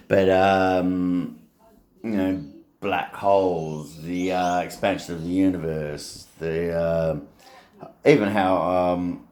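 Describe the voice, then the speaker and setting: A man's voice: deep voice, fairly even intonation, takes it slowly, darkish tone. A middle-aged man with an Australian accent, rambling in a casual, blunt and sweary monologue. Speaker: vlogger.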